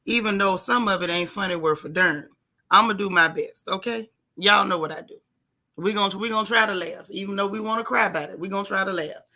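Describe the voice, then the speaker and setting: Gravelly, bright-voiced woman livestream host. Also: mid-range voice, brisk. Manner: warm, chatty, Southern-Black-American vernacular, stretches greetings. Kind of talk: casual livestream chat greeting viewers.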